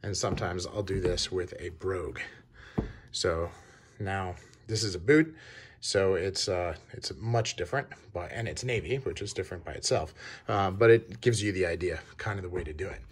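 A man vlogging casually about his shoe and sock collection, talking in a halting way with many pauses and restarts. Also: sits low, breathy edge. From Wisconsin. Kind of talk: casual show-and-tell.

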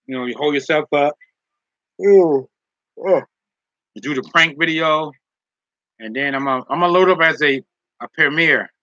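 Man, live-stream chat, teasing and joking, bright forceful voice, slightly high, dull dry lo-fi sound. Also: moderate pace, long pauses, dry recording. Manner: teasing, joking, laughs often.

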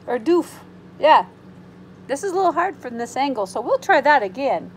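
Reading a picture book aloud to little ones, this female preschool teacher uses a lively storytime delivery full of gasps and soft, comforting side remarks. Her voice is high-pitched at a moderate pace, and the low-quality recording has slight background noise.

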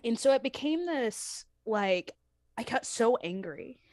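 A woman's voice: on the high side, lively intonation, slow pace, dry recording. A woman in her thirties telling her story in a candid interview, earnest and heartfelt as she retells what happened. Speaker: professional wrestler interviewee.

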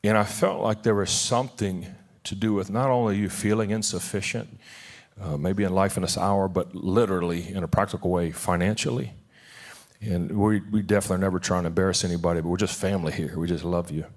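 A man's voice: low voice, steady tone, a little fast. A man pastoring a church service, talking in an informal, heartfelt way with many restarts, then praying. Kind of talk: sermon and prayer. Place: church sanctuary.

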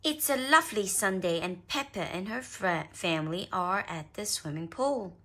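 A woman reading a children's picture book aloud, expressive, with small slips. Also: mid-range voice, moderate pace. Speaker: storyteller.

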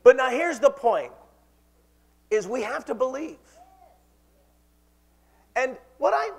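High-voiced pastor preaching in a hall. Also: male voice. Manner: impassioned preaching, leads call-and-response. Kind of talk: sermon.

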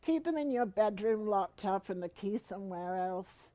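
A woman in her seventies hosting a comedy segment, telling a homey story in a chatty way that climbs to shouts when she acts it out. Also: medium pitch, expressive, no echo. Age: 70s. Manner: slow, chatty, rising to shouted retellings. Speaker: comedy show host. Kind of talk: comic storytelling to camera.

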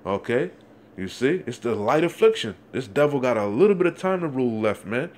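A man preaching from scripture, reading verses slowly and breaking in constantly with "you see?" and "man.". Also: medium pitch, very animated, slight background noise. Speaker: street preacher. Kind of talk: fiery scripture exposition.

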